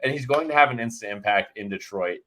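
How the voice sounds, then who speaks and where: Casual male sports-betting cohost, lowish voice, loose rambling delivery with jokes. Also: quick pace, sharp tone. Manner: rambling, filler-heavy, joking. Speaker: fantasy sports analyst.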